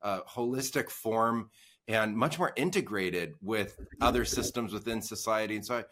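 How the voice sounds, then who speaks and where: A man hosting a podcast interview, asking measured questions and offering praise. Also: on the low side, fairly bright tone. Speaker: podcast host.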